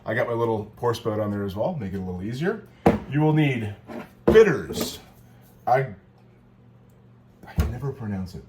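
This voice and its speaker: A man's voice: mid-range voice, lively intonation, normal speed, long pauses, background noise. A man chatting casually while he demonstrates a cocktail at home, joking and correcting himself as he goes. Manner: rambling, joking, self-correcting. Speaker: cocktail video co-host.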